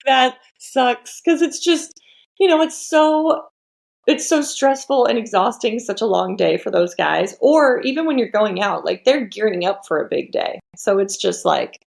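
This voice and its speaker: A woman hosting a casual podcast chat, relaxed and empathetic, asking questions. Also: on the high side, unhurried, creaky. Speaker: podcast host.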